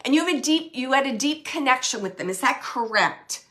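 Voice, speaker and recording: A woman working as a medium, giving a live reading to an audience member, animated and searching as she relays messages in quoted speech. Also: sits high, brisk. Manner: searching, self-correcting phrasing.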